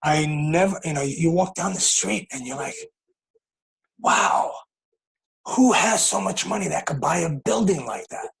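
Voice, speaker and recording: A man's voice: high-pitched, animated, a little slow, gravelly, rough recording. A man from New York City hosting an interview, encouraging and rambling with many fillers. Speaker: host. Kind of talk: casual interview.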